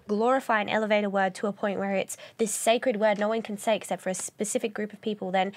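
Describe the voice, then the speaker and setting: A woman's voice: mid-range voice, fairly even intonation, quick pace, hardly any pauses, no echo. A young woman co-hosting a podcast, talking bluntly in casual crude chat, swearing freely and laughing often. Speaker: podcast co-host.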